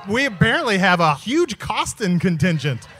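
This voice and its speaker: A man's voice: high-pitched, sing-song, moderate pace, fairly bright tone, breathy edge, faint music behind. A man hosting an improvised comedy show, reacting with playful disbelief. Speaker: host.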